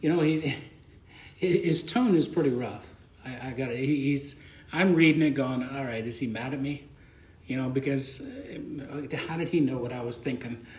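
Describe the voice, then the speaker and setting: A man's voice: mid-range voice, normal speed, a little mellow, reverberant. A man preaching a conversational sermon as pastor, plain-spoken and folksy, often repeating words as he thinks aloud.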